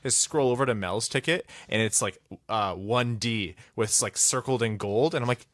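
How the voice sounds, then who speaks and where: A man's voice: on the low side, fast talker, few pauses, fairly bright tone, no echo. Man, podcast co-host, casual chat, ranting, self-mocking, dry sound.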